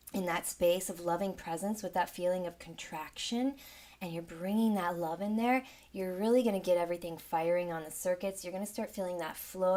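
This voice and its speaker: A woman leading a guided sound healing meditation with gentle, soothing, unhurried guidance. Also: lowish voice, a little hiss or hum. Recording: roomy with a long reverb tail.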